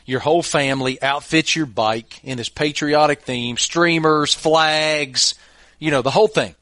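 A man's voice: fairly high pitch, unhurried, pushed and bright, no room sound. Middle-aged male podcast host, easygoing storyteller, dry close-mic sound. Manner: laid-back, chuckling anecdotes. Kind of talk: casual storytelling chat.

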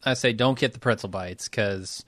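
A man's voice: fairly low pitch, moderate pace, fairly bright tone, no room sound. A man co-hosting a casual movie-review podcast, joking dryly and stammering a little. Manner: dry, jokey, with some stammering. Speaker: podcast co-host.

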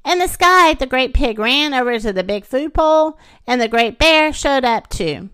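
A woman narrating a children's storybook in an expressive storytelling manner. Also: high voice, measured pace, clean tone, no room sound, studio quality.

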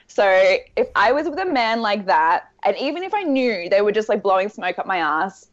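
A woman's voice: mid-range voice, very animated, moderate pace, no echo, highs cut off. A woman with an Australian accent, chatting candidly and self-deprecatingly as a podcast co-host. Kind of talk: casual chat.

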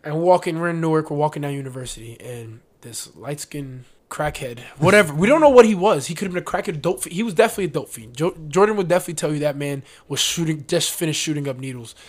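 Brief: man, 20s, podcast co-host, slangy, animated storyteller, slightly higher pitch. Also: quick pace, hardly any pauses. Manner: animated, slangy, acts out quotes. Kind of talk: casual chat, storytelling.

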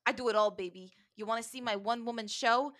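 A woman co-hosting a casual rewatch podcast, riffing with quick jokes and bits. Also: fairly high pitch, steady tone, a bit bright, no echo, studio quality. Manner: jokey, quick riffs and bits. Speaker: podcast co-host.

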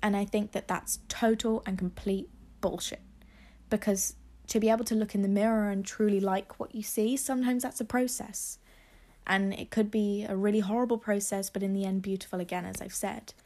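A woman's voice: mid-range voice, fairly even intonation, moderate pace, mellow. A young woman hosting a solo podcast, speaking with emotional, tearful encouragement into a phone propped on her laptop desk. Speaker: podcast host. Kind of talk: heartfelt solo podcast talk.

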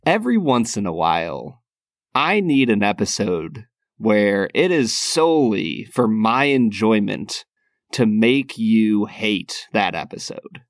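A man co-hosts a podcast with a teasing, deliberate delivery and a lively, shifting pitch. The recording is dry and close. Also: no room sound. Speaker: podcast co-host. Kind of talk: casual chat.

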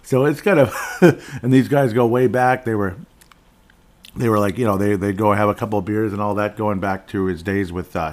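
A middle-aged man hosting a casual solo sports talk podcast, rambling and digressive with jokes, often clearing his throat. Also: lowish voice. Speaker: podcast host.

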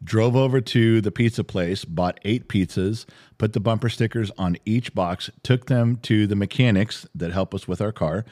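A middle-aged father co-hosts a podcast, telling a story in casual chat with lots of animation and free swearing. His pitch is fairly low and his speed normal.

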